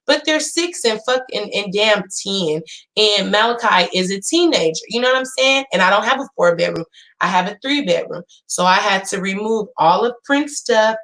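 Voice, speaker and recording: Vlogger, woman, 30s, Northern California accent, loud animated rant full of swearing. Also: medium pitch. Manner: loud, profane, animated storytelling. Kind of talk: casual rant to viewers.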